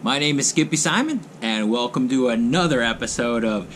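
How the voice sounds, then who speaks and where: A man's voice: medium pitch, expressive, a little fast, fairly bright tone, a little hiss or hum. A man hosting his own vlog, ranting in blunt, mocking commentary and hammering phrases over and over. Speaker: vlogger host.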